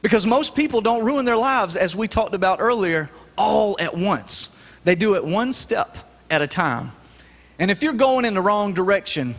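A preacher with a high, light voice delivers a lively, folksy sermon to his congregation. The sound carries the long echo of a church sanctuary. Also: normal speed. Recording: echoey church hall.

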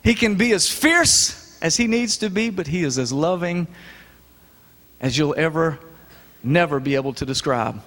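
A man preaching a sermon in a church, lively and folksy, joking with the congregation. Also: fairly high pitch, moderate pace. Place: church sanctuary. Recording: echoey church hall.

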